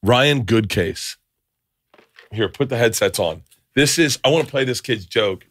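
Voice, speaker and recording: A man's voice: mid-range voice, lively intonation, measured pace, fairly bright tone, no echo. A man hosting a podcast, telling profane anecdotes in casual chat and acting out the quotes. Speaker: podcast host.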